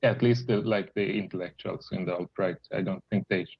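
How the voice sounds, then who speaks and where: A man with a Swedish accent debating on a voice call, speaking haltingly with many restarts and fillers. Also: sits low, fairly even intonation, gravelly, slightly rough, dull audio. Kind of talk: casual political debate.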